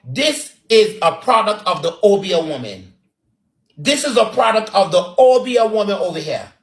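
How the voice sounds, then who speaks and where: A man's voice: high-pitched, fairly bright tone. A man with a Barbadian accent giving sassy, dramatic roasting commentary with lots of repetition. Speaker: online commentator. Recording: roomy echo.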